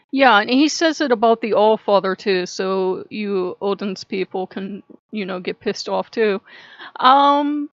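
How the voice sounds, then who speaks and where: A woman's voice: medium pitch, dry recording. A woman ranting angrily in a casual vlog, swearing and sarcastic, laughing now and then. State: angry. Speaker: channel host. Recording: dull lo-fi sound.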